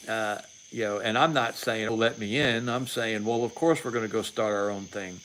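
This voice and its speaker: A man in his late forties hosts a livestream of casual political commentary, his lowish, slightly bright voice moving at a moderate pace with few pauses. He rambles with strong opinions, repeating words, restarting sentences, and adding sarcastic asides, over a rough recording with slight background noise.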